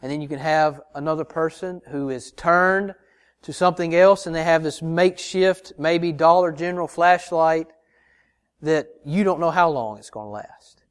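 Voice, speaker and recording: Pastor, male, fairly high voice, earnest sermon full of questions to the pews. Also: moderate pace, smooth. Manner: earnest preaching with repeated rhetorical questions to the congregation; addresses listeners as brothers and sisters.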